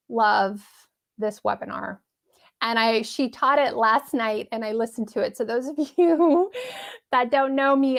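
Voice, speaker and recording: Woman hosting a live stream, chatty and upbeat, kinda high voice, laughs a lot. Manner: chatty, upbeat, laughs often, reads chat aloud. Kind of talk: casual live-stream pep talk.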